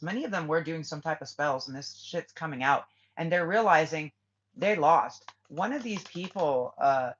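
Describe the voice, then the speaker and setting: In muffled, lo-fi audio, a woman with a low voice does an informal tarot reading for viewers, speaking at a moderate pace with lively intonation. She is blunt, curses freely and plays out what people say.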